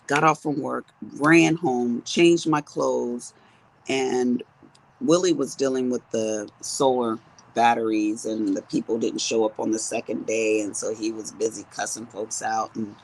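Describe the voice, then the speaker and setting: A woman in her fifties who chats to her viewers while crafting. She tells stories in a low voice. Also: unhurried, low-quality recording. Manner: chatty storyteller talking to viewers as she works. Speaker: crafting vlogger. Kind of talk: casual chat while crafting.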